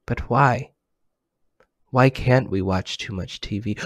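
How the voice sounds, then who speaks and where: A man hosting a children's program over a video call, talking animatedly and swinging between hushed and excited tones. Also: medium pitch, takes it slowly, long pauses, no echo.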